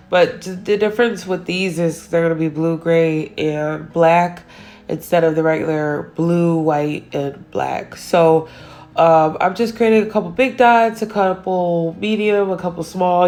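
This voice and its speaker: A woman's voice: fairly low pitch, a little mellow. A woman nail artist giving a casual voice-over for her nail art tutorial, chatty and teasing herself about her own mistakes.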